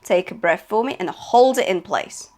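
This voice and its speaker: A woman's voice: medium pitch, lively intonation, moderate pace, a little mellow. Woman, vocal coach, singing lesson, encouraging, frequent check-ins. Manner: encouraging, checks in with "okay?" and "yeah?"; demonstrates sung notes between spoken instructions.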